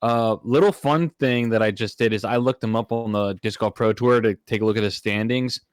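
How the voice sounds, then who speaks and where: A man's voice: fairly low pitch, fairly quick, smooth, dry recording, studio quality. A man hosting a casual podcast, thinking aloud in a rambling, easygoing way. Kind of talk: casual chat.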